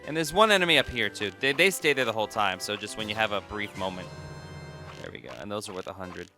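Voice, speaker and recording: A man's voice: fairly low pitch, lively intonation, quick pace, sharp tone, faint music behind. A man giving casual, jokey gameplay commentary as a let's play host, chatting to the game as he plays.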